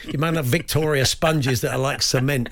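A man's voice: mid-range voice, steady tone, fairly quick, gravelly, fairly bright tone. A man co-hosting a radio show, telling jokey stories in casual chat. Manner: chatty, jokey storytelling. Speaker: radio host.

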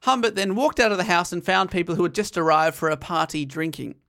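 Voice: medium pitch, fast talker, fairly bright tone. A podcast host casually recapping a novel's plot and reading out quotes, often laughing. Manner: recounts the plot with laughter, quoting passages. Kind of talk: casual chat and story recap.

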